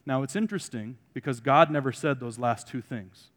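A man preaching to his congregation, throwing in wry jokes between points. His voice swings from loud emphatic lines to quiet asides, sitting at an ordinary middle pitch. The sound carries a long reverb from the hall. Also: moderate pace. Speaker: pastor. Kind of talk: sermon.

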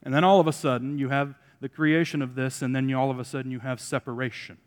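A man preaching a sermon to a congregation, mixing joking asides with loud emphatic points and quiet remarks. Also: medium pitch, steady tone, fast talker, clear, resonant tone, big-room sound. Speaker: pastor.

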